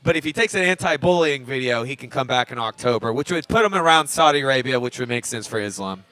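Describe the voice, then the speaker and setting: A man's voice: mid-range voice, animated, fast talker, pushed and bright, dry recording. A man co-hosting a podcast, chatting casually about sports and laughing often. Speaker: podcast co-host.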